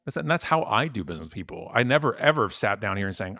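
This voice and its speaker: Deep-voiced man, emphatic storyteller. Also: fast, no room sound. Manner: animated storyteller, emphatic, repeats words when worked up. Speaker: podcast guest. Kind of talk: conversational interview. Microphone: podcast mic at home.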